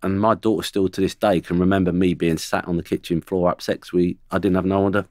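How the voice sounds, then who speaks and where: A man's voice: low-pitched, level tone, quick pace, darkish tone, no room sound. A middle-aged man, a former footballer, telling blunt stories about teammates on a studio podcast. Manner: blunt, anecdotal, mimics teammates. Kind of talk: podcast storytelling.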